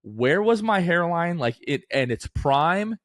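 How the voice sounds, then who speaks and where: Speaking slowly in a slightly high voice, a man in his late twenties co-hosts a casual podcast, captured with clean studio sound and no room sound. He tells stories with animation, acting out the lines others said.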